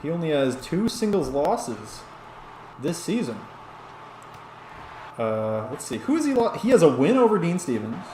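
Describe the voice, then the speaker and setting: A man's voice: a little high, big pitch swings, measured pace, long pauses, darkish tone, slight background noise. Tipsy man calling wrestling in a roomy room. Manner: rambling, chatty, talks back to chat comments. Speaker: streamer and wrestling game commentator. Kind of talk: play-by-play commentary on a video game while reading chat.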